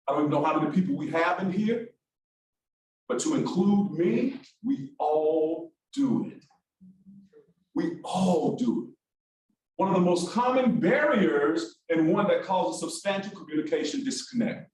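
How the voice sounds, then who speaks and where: Instructor, brisk and high-pitched, echoey distant hall sound. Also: male voice, slight background noise. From Alabama, US. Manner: brisk, animated, calls on the room. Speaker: workshop instructor. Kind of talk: interactive classroom lecture. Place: large echoey classroom.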